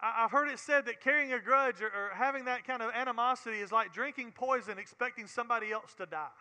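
A man's voice: very high-pitched, quick pace, bright, forceful tone, big-room sound. A man with a Southern US accent teaching a Bible sermon in an earnest way, often repeating words and building to emphatic preaching.

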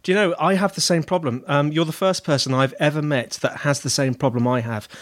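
Dry-humored man hosting, higher voice. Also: steady tone, a little fast. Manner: dry, joking, some stammering. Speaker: podcast host. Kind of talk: podcast interview hosting.

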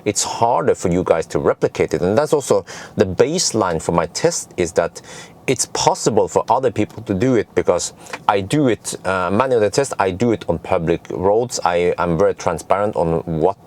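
Halting man explaining car tests. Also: low voice, animated, darkish tone. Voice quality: non-native English, halting with many fillers and restarts. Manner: chatty, digressive, laughs at own jokes. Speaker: car reviewer. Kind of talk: casual explainer.

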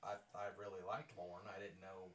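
A man's voice: deep voice, flat delivery, brisk, crowd noise. A man hosting a podcast, telling casual stories with a jokey, self-mocking manner and frequent laughter. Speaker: podcast host. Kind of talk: casual storytelling. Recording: roomy sound from a distant mic with faint noise.

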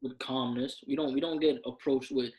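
A man's voice: mid-range voice, steady tone, moderate pace, darkish tone, low-quality recording. A young man on a podcast, talking heatedly and emphatically, often repeating himself out of frustration. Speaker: podcast co-host.

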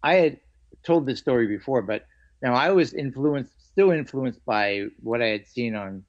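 A man's voice: mid-range voice, normal speed. Martial arts teacher guy telling his story, acts out voices, kinda muffled lo-fi audio. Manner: animated, acts out quoted lines. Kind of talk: storytelling in a conversation. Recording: dull lo-fi audio.

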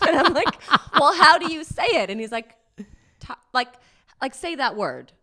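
A woman's voice: high voice, measured pace. A woman from San Francisco in casual chat, telling a story with acted-out quotes and frequent laughter. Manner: animated storyteller, acts out quotes, laughs often.

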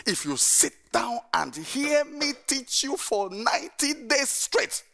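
Middle-aged male pastor, sermon, animated and coaxing, gravelly high voice. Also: slow. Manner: animated storytelling, urging the congregation to respond.

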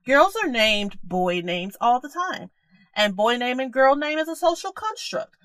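Woman cohost with strong opinions, lively up-and-down voice, bright tone, dry mic. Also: on the high side, a little slow, dry recording. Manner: emphatic and opinionated, repeats phrases. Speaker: podcast co-host. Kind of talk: casual chat about current events.

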